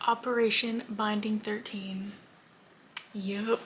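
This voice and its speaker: A woman's voice: mid-range voice, fairly even intonation, normal speed, noisy background. Emotional young woman reading vlogger. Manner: emotional, often drops to a whisper. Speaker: book vlogger. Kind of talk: casual reading vlog.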